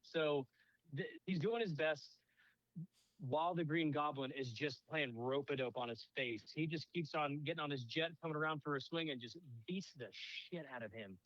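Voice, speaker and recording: A man with a somewhat high voice chats about a movie on a podcast, needling his co-hosts and swearing freely. His voice comes through dull and lo-fi but dry, with no room echo. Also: normal speed, fairly bright tone. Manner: teasing, blunt and profane. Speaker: podcast co-host. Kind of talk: casual movie recap chat.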